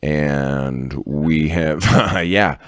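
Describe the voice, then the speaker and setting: Very deep-voiced boisterous man. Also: very slow, clean tone, no room sound, clean studio sound. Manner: boisterous, swaggering, swears freely. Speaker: podcast co-host. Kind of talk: casual chat.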